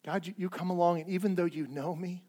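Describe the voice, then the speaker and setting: A middle-aged man delivers a sermon in a loose, conversational manner. His voice sits fairly high for a man. He punches key lines loudly, then falls to a soft hush when he quotes. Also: fairly even intonation, fast. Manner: conversational preaching that swings from loud emphasis to near-whispered quotes. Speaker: pastor.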